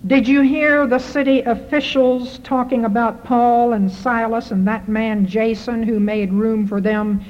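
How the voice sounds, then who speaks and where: A woman's voice: a little high, fairly even intonation, measured pace, hardly any pauses, darkish tone. A woman preaching a sermon, driving her points home with repeated rhetorical questions. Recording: muffled hall recording with reverb.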